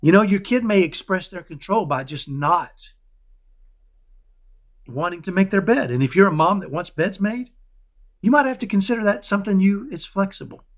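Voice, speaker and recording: A man talking casually in an interview about raising his son, animated and often checking in with "right?". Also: sits high, normal speed. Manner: animated, keeps asking "right?"; acts out dialogues with his son. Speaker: parenting guest.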